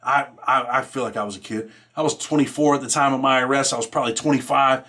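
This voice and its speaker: A man's voice: mid-range voice, steady tone, fast talker, pushed and bright. A man hosting his own show, telling a story in a casual, streetwise, profane way and dropping "man" into nearly every phrase. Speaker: host.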